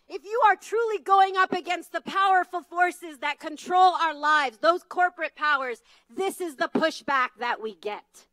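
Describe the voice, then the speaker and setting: A woman's voice: very high voice, measured pace, few pauses, sharp tone, dry recording, rough recording. A woman advocacy leader giving an urgent, emotional speech from a conference stage. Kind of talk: impassioned rally speech.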